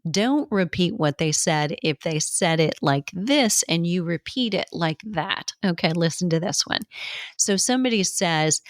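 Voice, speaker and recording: A woman's voice: fairly low pitch, animated, unhurried, no room sound, studio quality. A middle-aged woman teaching a health coaching lesson, acting out quotes from clients and coaches and laughing often.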